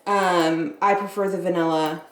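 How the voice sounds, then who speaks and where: A woman's voice: on the low side, fairly even intonation, measured pace. A young woman chatting casually in a rambling way, with lots of fillers, as she vlogs from her home kitchen. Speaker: vlogger. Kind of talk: casual chat. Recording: echoey room, faint noise.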